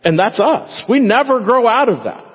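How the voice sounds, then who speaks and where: A man's voice: very high-pitched, expressive, moderate pace, husky. A male pastor preaching a sermon in a church, talking conversationally and acting out prayers in quoted voices. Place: church sanctuary. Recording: echoey hall, dull lo-fi sound.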